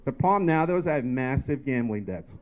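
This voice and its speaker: A man's voice: mid-range voice, expressive, a little fast, a little hiss or hum. A man performing a stand-up set in a comedy bar, telling a rambling story full of filler words. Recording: tinny phone-like live recording.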